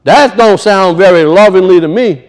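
A man's voice: high voice, moderate pace. A male pastor preaching a sermon, emphatic, with rhetorical questions and casual asides.

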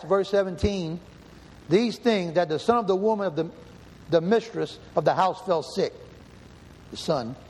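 A man's voice: high voice, slight background noise. Emphatic male preacher in a reverberant hall. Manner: emphatic, repeats and rephrases, asks the room questions. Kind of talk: sermon with scripture reading. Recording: hall reverb, faint ambience.

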